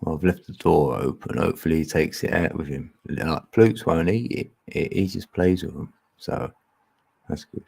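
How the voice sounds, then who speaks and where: Gravelly, low-voiced Cockney man. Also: normal speed, a little mellow. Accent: Cockney, East London. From England. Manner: chatty, chuckling, reads chat aloud. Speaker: livestream host. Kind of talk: casual livestream chat.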